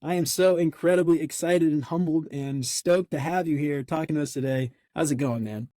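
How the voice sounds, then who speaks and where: A man's voice: a little high, normal speed, warm tone, no echo, clean studio sound. A man hosting his podcast in a casual, enthusiastic, gushing way. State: out of breath. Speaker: podcast host.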